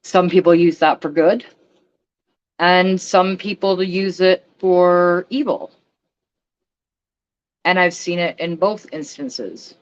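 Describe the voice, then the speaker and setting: A woman's voice: lowish voice, takes it slowly, pauses often, dull audio. A woman ranting bluntly on a casual livestream, swearing and speaking emphatically. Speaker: vlogger.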